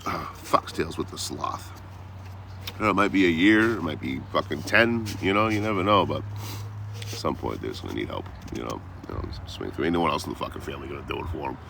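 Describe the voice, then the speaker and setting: A man's voice: a bass voice, animated, fast, vocal fry, noisy background. A man chatting loosely with viewers on a livestream, rambling and swearing freely. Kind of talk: casual live chat.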